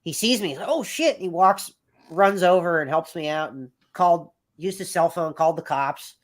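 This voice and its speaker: A man's voice: on the high side, moderate pace. Rambling, swearing man in his thirties. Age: 30s. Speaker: podcast guest. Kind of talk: casual storytelling.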